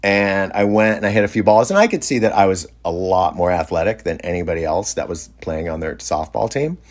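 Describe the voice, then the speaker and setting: A man's voice: sits low, brisk. Amused, rambling middle-aged man. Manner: rambling, self-interrupting, amused. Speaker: storyteller. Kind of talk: casual anecdote.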